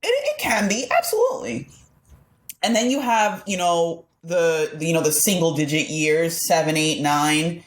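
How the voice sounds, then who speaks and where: A woman's voice: fairly low pitch, expressive, moderate pace, hardly any pauses. A woman hosting a podcast, asking reflective questions in a casual, supportive way. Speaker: podcast host. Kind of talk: casual interview.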